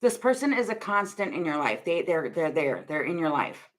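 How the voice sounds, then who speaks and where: A woman's voice: sits low, big pitch swings, moderate pace. A young woman giving a casual tarot reading to camera, rambling and laughing often as she thinks aloud. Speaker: tarot reader.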